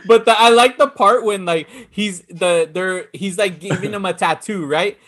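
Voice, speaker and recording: Guy co-hosting, high bright voice, retelling movie scenes and cracking up. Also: normal speed. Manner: laughing, animated retelling of film scenes. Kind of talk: casual chat.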